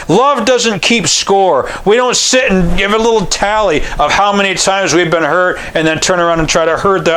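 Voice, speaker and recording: A middle-aged man with a slightly high voice preaches to his church. He tells stories in a folksy, homespun way and acts out the people he quotes. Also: a bit bright, slight background noise. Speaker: pastor. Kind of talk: sermon.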